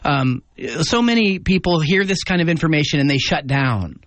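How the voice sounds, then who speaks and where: A man hosting a radio interview, speaking earnestly and haltingly, often repeating words as he frames a question. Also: on the high side, expressive, a bit bright, no room sound. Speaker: radio host.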